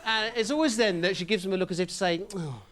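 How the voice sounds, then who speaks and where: A man doing a stand-up routine, rambling through absurd stories with deadpan asides. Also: high voice, very fast, slight background noise. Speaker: stand-up comedian. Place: comedy club stage with audience.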